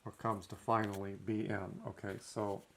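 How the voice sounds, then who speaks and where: A man's voice: on the low side, flat delivery, moderate pace, slight background noise. A man giving a recorded language lesson, working through notes methodically and marking each step with "okay". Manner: methodical, frequent "okay" between points. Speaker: teacher.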